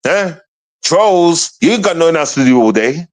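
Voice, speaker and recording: A man's voice: a little high, expressive, normal speed. A man on a casual livestream ranting at online trolls, confrontational and profane, repeating himself often.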